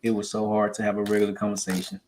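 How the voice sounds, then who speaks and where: A man in his twenties with a Southern accent, a real estate salesman chatting casually and telling an animated story, often repeating words as he gets going. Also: on the low side, very fast, a little hiss or hum. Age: 20s. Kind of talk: casual conversation.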